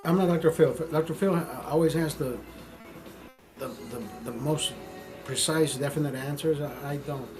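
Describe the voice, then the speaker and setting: A man talking casually on his live stream, swearing freely and rushing through a story with restarts and repeated words. His voice sits a bit higher than most men's. Soft music plays underneath. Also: poor audio. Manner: profane, animated storytelling with repetitions. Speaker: livestream host.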